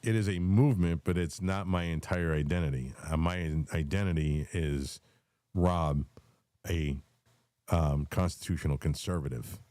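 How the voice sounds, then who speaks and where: A man's voice: low voice, fairly even intonation, measured pace, dark tone, no echo, clean studio sound. A man in his forties hosting a casual political chat, rambling and swearing in an easygoing way. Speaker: podcast host.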